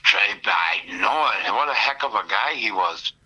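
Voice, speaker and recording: A man's voice: lowish voice, lively intonation, a little slow, pushed and bright, breathy edge, poor audio. A man, a Catholic priest, chatting casually with folksy old-fashioned exclamations. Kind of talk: casual chat.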